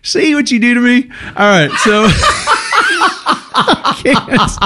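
A man's voice: very high-pitched, lively intonation, moderate pace, very noisy. A middle-aged man co-hosting a radio show, sick with a cold and run down, rambling and laughing at himself in casual chat. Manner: rambling, self-mocking, laughs often. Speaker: radio co-host.

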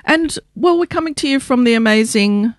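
A woman co-hosting a weekend breakfast radio show, gushing and excitable, chatting casually and laughing often. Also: fairly high pitch, normal speed, no room sound, clean studio sound. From Australia. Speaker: radio co-host. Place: community radio studio. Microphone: studio mic.

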